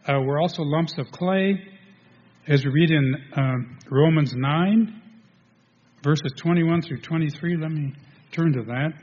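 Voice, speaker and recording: Guy giving a sermon, kinda husky, stops and restarts a lot, long hall echo. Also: fairly high pitch, a little mellow. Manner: halting, with many restarts and fillers. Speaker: preacher. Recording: dull lo-fi sound in a reverberant hall.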